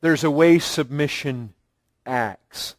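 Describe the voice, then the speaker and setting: A pastor giving an earnest sermon, building emphasis through repeated phrases. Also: male voice, on the high side, takes it slowly, no echo.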